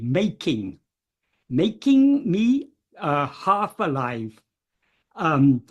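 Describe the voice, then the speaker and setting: A speaker explaining a text piece by piece, with a slightly husky voice. The delivery is very slow and hesitant, full of pauses and small fillers, and key terms are gently repeated. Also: medium pitch. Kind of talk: slow, careful explanatory talk.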